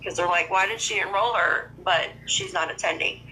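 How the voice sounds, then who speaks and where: A woman hosts a casual true-crime livestream with a bright, tense edge to her voice. She greets viewers one by one and reads news passages aloud, stopping to add her own remarks. A faint hiss sits under her talk. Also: on the low side, moderate pace, poor audio. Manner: chatty, greets viewers by name, comments between read passages.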